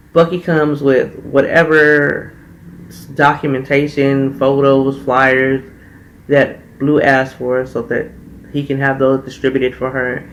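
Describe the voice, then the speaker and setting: A man's voice: mid-range voice, creaky, fairly bright tone, low-quality recording. A man reviewing a reality TV episode in a casual, blunt and profane way, heated in his opinions. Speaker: TV show reviewer.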